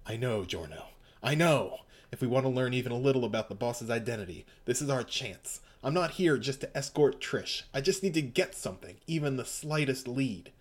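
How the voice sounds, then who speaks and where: A man voicing a calm, determined young gang leader who speaks low, quiet and earnest. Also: brisk, lightly acted. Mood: resolute.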